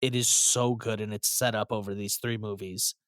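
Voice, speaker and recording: A man's voice: fairly low pitch, level tone, moderate pace, a bit bright, no room sound, studio quality. A man co-hosting a casual podcast chat, enthusiastic and emotional, often stumbling over his words. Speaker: podcast co-host.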